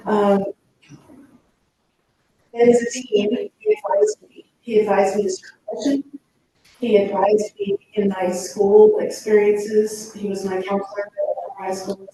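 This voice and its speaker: A woman giving an earnest, reminiscing personal eulogy at a funeral, pausing often with fillers as she speaks from a pulpit. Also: mid-range voice, animated, distant mic, background noise. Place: church chapel. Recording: very echoey chapel, speaker off-mic.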